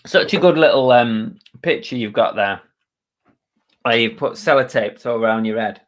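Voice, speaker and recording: A man's voice: medium pitch, normal speed. A man hosting a casual live stream chat, greeting viewers by name in a chatty, self-mocking way with mild muttered curses.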